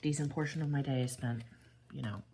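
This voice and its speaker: A young adult woman chatting casually while she crafts, tired and rambling, with yawns and soft asides. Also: very deep voice, a little fast, slight background noise. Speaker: crafting vlogger.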